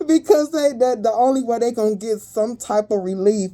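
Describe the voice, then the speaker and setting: A woman's voice: fairly high pitch, steady tone, moderate pace, mellow. A woman giving a casual spiritual reading to her viewers, chatty and profane and prone to giggling. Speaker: spiritual card reader.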